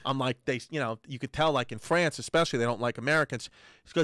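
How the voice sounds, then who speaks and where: A man's voice: mid-range voice, expressive, fast, a bit bright. A man, co-hosting a comedy podcast and telling profane, rambling stories. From Brooklyn, New York. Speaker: podcast co-host. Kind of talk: casual comedic chat.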